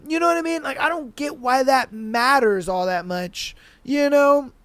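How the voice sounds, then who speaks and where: A podcast host recapping reality TV in a casual, profane, animated rant full of slang. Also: sits high, moderate pace, no room sound.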